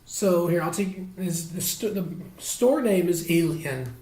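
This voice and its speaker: Hoarse young guy with a high voice, rambly podcast chat, echoey room. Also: animated, unhurried, a little mellow. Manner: rambling, many fillers and restarts. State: hoarse from laryngitis. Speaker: podcast co-host. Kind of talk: casual chat.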